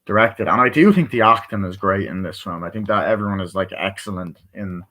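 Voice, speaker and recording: A man's voice: on the low side, a little fast, sharp tone. A tired man casually reviewing a movie, rambling and swearing, with lots of fillers and restarts. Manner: rambling, full of fillers and profanity. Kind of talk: casual spoken film review.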